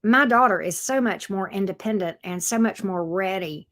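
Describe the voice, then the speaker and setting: A woman's voice: mid-range voice, normal speed, a bit bright. A woman, hosting a casual tarot livestream, talking bluntly and reading viewer comments aloud. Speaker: tarot reader livestream host.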